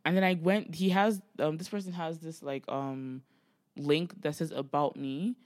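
A woman's voice: low voice, fairly even intonation, unhurried, no room sound, clean studio sound. A woman in her twenties from Nigeria, co-hosting a casual podcast and telling stories with lots of acted-out quotes. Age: 20s. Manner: chatty storyteller, acts out quotes loudly, laughs often. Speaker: podcast co-host. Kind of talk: casual chat.

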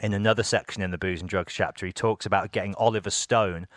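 A man's voice: on the low side, fast talker, slight background noise. A man from England, a podcast host and music interviewer, telling stories in casual chat with frequent laughs and acted-out quotes. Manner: animated, laughs often, acts out quotes.

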